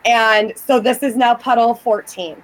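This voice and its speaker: A woman's voice: on the high side, steady tone, unhurried, heavy background noise. A woman in casual chat who describes strange happenings at home, talking emphatically and swearing freely. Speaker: guest describing a haunting.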